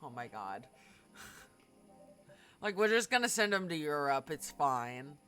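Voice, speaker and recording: A woman's voice: deep voice, sing-song, unhurried, bright, forceful tone, soft background music. A woman streamer chatting casually with her viewers while playing, in a talkative way with lots of fillers. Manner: chatty, filler-heavy, talks to chat.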